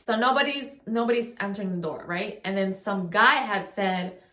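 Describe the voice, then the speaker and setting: A young woman rambles through a storytime vlog at a middle pitch, full of "like" and half-finished sentences. Her voice bounces around a roomy, echoey space. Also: lively intonation, moderate pace, pushed and bright, slight background noise. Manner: rambling, heavy use of "like", frequent restarts. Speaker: vlogger. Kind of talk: casual storytime. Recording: roomy echo.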